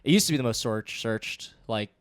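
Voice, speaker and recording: A man's voice: mid-range voice, animated, a bit bright, no echo. A man with a mid-range voice chats on a comedy podcast, firing off teasing questions and laughing often. The recording is close and dry. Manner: teasing, asks quick questions, laughs a lot. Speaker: podcast co-host, stand-up comic. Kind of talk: casual comedy podcast chat.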